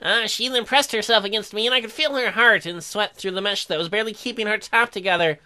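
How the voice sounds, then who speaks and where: A woman reading dating-sim narration aloud in a deadpan way, broken up by crude joking asides. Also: medium pitch, fast talker.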